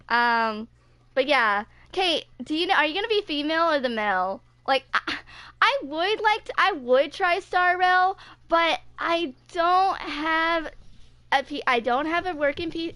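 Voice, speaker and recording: Young woman streamer, high bright voice, chatty and loose, talks to chat between gameplay. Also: smooth, no echo. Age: 20s. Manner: chatty, lots of "like" and "dude". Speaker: gaming streamer. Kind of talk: casual live-stream chat.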